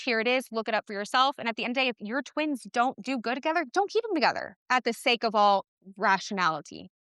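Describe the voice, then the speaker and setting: Woman guest talkin twins, super animated, smooth clear voice, kinda high. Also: dry recording, clean studio sound. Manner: animated, passionate, quick asides. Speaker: podcast guest, twin mom. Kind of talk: casual interview chat.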